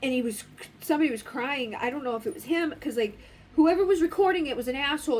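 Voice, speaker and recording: A woman's voice: high voice, expressive, quick pace. A woman giving a casual oracle card reading, talking in a blunt, rambling way and swearing freely. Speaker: spiritual card reader.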